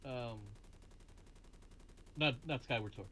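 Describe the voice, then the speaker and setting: A man's voice: medium pitch, takes it slowly, fairly bright tone, slight background noise. A man hosting a casual retro game stream, chatting and joking with a guest and often laughing at his own jokes. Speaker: stream host. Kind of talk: casual gaming stream chat.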